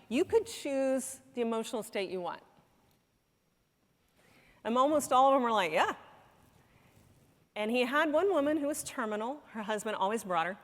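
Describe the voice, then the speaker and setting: A woman giving a conference talk, telling a story in an earnest way and acting out the quoted dialogue. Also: a little high. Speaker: conference speaker. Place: conference hall. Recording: hall reverb.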